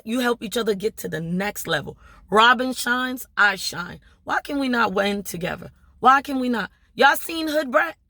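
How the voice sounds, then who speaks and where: A woman's voice: fairly high pitch, a bit bright, no room sound. Emphatic Maryland woman preaching to viewers. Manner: preachy, emphatic, repeating rhetorical questions with "right?". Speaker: small business owner and vlogger. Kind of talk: impassioned motivational talk to viewers.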